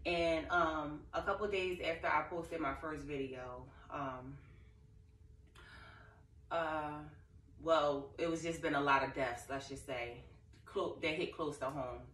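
A woman's voice: sits low, steady tone, slow pace, a bit bright, slight background noise. A young woman vlogging to camera, telling an emotional, rambling story in casual talk. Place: living room. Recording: echoey room, far from mic.

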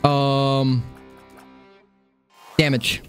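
A young man streaming a video game, swearing, repeating himself and swinging from high yelps to low mutters. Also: level tone, extremely slow. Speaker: gaming streamer. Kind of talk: live gameplay commentary. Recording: game music behind.

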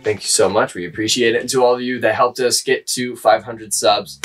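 A man's voice: medium pitch, fairly even intonation, brisk, a bit bright, distant mic, soft background music. A young man in casual podcast chat, telling a story with energy and laughing often. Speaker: podcast co-host.

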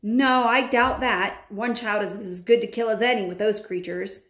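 A woman's voice: medium pitch, fairly even intonation, moderate pace, fairly bright tone, lightly acted. A woman voicing a protective, caring grandmother in a read-aloud story. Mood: firm, caring. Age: older. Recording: roomy echo.

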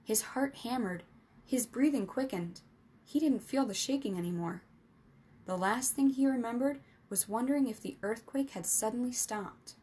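A woman storyteller reading a children's adventure novel aloud in a steady, expressive narration. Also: fairly high pitch, normal speed, husky.

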